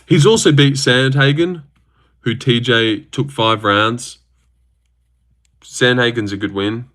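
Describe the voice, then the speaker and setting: A young man with an Australian accent chats through a livestream, reacting to viewer comments in a brash, animated way. His voice is bright and sharp, and he swears freely as his pitch leaps up and down. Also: slow. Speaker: livestream host. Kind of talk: casual livestream chat, reading viewer comments.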